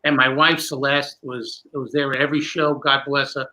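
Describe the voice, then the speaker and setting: A man, a magician guest, telling a long animated story with many restarts in a candid interview. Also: mid-range voice, normal speed, rough recording.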